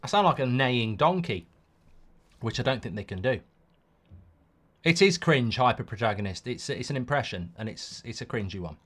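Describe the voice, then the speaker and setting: A middle-aged man hosts a live football watchalong at a middling pitch. He rambles through strong opinions and stumbles into quick restarts as his thoughts race ahead. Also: animated, a bit bright. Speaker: host.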